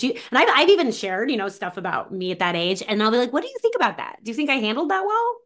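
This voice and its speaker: A woman author being interviewed on a podcast, talking in an animated, casual way with many fillers and acted-out quotes. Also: medium pitch. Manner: animated, acts out quoted voices, frequent "like". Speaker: author and mentor of teen girls, guest.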